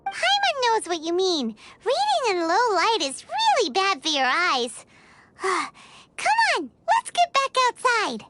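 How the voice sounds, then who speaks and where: A woman voicing a tiny, chirpy and excitable fairy companion in a video game, with a high squeaky voice and a habit of talking about herself in the third person. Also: slow pace, no echo, heavily acted. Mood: matter-of-fact. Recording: game audio with background music. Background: game music.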